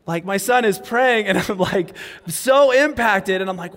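A pastor in his thirties with a rather high voice tells his story earnestly in a sermon. His words ring out with a long reverb through the church hall, and he sinks to a hushed tone for prayer. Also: normal speed. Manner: earnest storytelling, drops to a soft hush for prayer. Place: church sanctuary.

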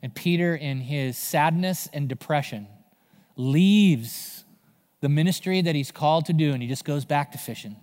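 Animated pastor in a reverberant church hall. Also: male voice, a little high, normal speed. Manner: animated storytelling, acting out voices. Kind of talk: sermon.

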